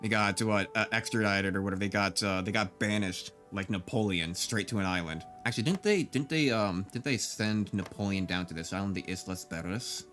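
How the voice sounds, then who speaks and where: A man's voice: on the low side, fairly quick, hardly any pauses, a bit bright. A man giving casual, joking gameplay commentary with mock-grandiose outbursts and frequent laughter. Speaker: gaming YouTuber. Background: game music.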